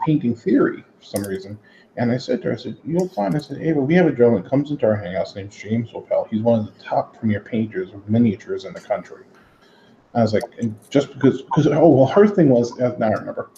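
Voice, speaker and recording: A man hosting a modeling hangout, rambling through animated stories and acting out the people he quotes. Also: medium pitch, reverberant, dull audio, a little hiss or hum. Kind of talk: casual storytelling chat. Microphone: headset.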